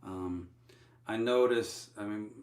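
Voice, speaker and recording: A man's voice: lowish voice, slow pace, reverberant. A man with a Texan accent, a musician hosting his own livestream, talking loosely with many fillers and restarts. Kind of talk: casual livestream chat.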